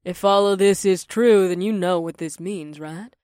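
A woman's voice: on the low side, normal speed, darkish tone, no echo, clean studio sound, natural voice. A woman voicing a dutiful, cautious rhino-woman servant in an audiobook, earnest and respectful toward her queen. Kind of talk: audiobook character voice.

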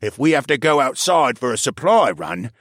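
A man voicing a gruff, spiteful older male pub owner who rants and growls at people. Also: medium pitch, sing-song, moderate pace, a bit bright, no echo, clean studio sound. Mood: scheming.

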